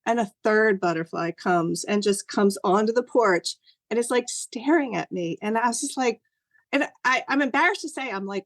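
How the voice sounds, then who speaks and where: A woman's voice: fairly high pitch, brisk, no echo. Middle-aged woman guest, earnest storyteller, rambling delivery, dry close sound, video call. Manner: earnest, rambling, many fillers. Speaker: guest sharing a personal story. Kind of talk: personal storytelling.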